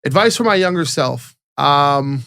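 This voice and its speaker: A man co-hosting a casual podcast, telling stories animatedly and acting out quotes in a higher voice, often repeating and restarting words. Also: animated, measured pace, vocal fry, sharp tone, clear, resonant tone, dry recording, studio quality. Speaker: podcast co-host.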